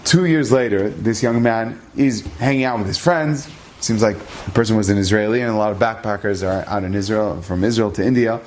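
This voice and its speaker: A rabbi telling an inspirational story in a lively, conversational way, using Hebrew terms along the way. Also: male voice, on the low side, fairly quick, a little hiss or hum.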